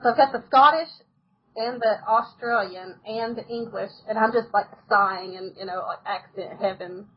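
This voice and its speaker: A woman's voice: a little high, normal speed, muffled recording. A woman from the United States, telling stories as a podcast guest in a casual, chatty way and laughing often. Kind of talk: casual interview chat.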